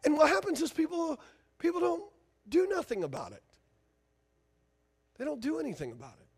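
A man's voice: extremely high pitch, huge pitch swings, moderate pace, a little mellow. A man preaching a sermon as pastor, emphatic and fiery, firing rhetorical questions at his congregation.

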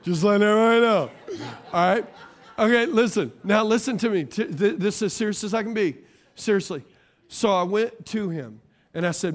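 A man in his forties preaches a sermon with a high voice. He is animated and jokes often, and his voice swings from loud bursts to near hushes. He keeps checking in with the congregation for amens. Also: brisk. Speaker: pastor.

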